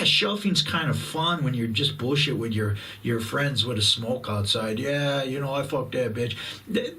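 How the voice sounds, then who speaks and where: A man in his fifties delivers a blunt, profanity-laced rant, stretching his words out for emphasis. His voice sits a little high for a man and has a bright, forceful edge. He sounds a bit distant from the microphone. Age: 50s. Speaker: YouTube host. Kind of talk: profane ranting monologue.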